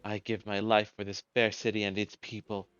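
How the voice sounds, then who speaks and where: A man's voice: on the low side, little pitch movement, a little fast, a bit bright, clean tone, no echo, lo-fi sound, lightly acted. A man voicing a vain, pompous hero who wants to become ruler, reading game dialogue aloud in a grandiose, self-important way. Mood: boastful. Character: pompous vain male would-be ruler, hero-turned-tyrant.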